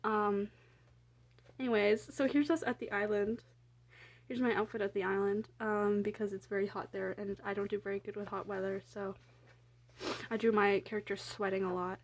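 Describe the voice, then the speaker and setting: A woman's voice: mid-range voice, flat delivery, normal speed. A young woman casually rambling through her sketchbook, full of fillers, self-deprecating asides and casual swearing. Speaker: artist showing her sketchbook.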